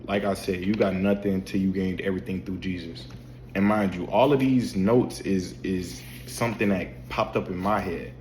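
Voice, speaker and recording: At home at night in a dim room, a man talks casually about faith to camera as a faith vlogger. His low, darkish voice keeps a steady tone at a moderate pace, and he comes across as repetitive and preachy, restarting and asking rhetorical questions. The room echoes, with slight background noise.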